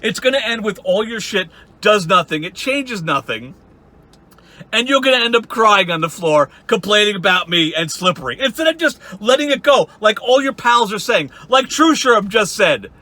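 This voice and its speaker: Bright-voiced sarcastic man in his forties. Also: high voice, expressive, normal speed. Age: 40s. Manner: sarcastic, mocking, profane. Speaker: YouTube commentator. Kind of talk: ranting commentary.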